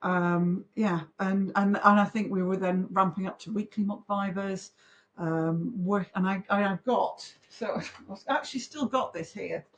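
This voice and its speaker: A woman in her forties, a podcast guest, telling her story in a chatty, animated way. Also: medium pitch, measured pace, muffled recording, a little hiss or hum. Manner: chatty, animated, talks in long run-on recollections. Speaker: podcast guest, pharmaceutical trainer. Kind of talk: conversational interview storytelling.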